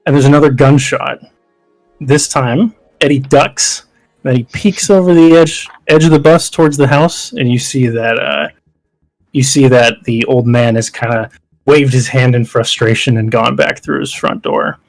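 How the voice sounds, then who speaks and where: A man's voice: medium pitch, measured pace, creaky, soft background music, rough recording. A man narrating as game master, rambling with lots of fillers.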